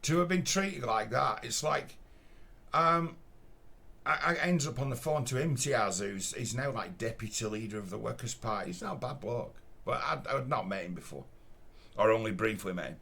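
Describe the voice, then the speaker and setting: A man with a Lancashire accent tells his story in a blunt, casual way, swearing freely and mimicking the people involved. His voice is gravelly with a husky edge, at an everyday middle pitch. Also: lively intonation, moderate pace, bright, forceful tone. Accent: Northern English, Lancashire. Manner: blunt, swears often, acts out quoted voices.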